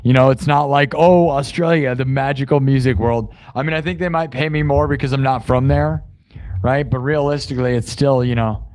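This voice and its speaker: A man's voice: medium pitch, fairly even intonation, normal speed, darkish tone. Chatty rambling man on a live stream. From United States. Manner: rambling, self-correcting, chatty. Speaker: live-stream musician host. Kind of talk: casual chat to live-stream viewers.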